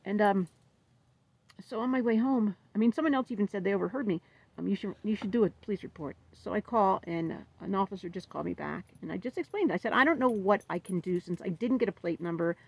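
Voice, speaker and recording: A woman's voice: mid-range voice, fast, creaky, husky, poor audio. A woman vlogger telling a story in a casual, upset, rambling way, venting about what happened to her dog.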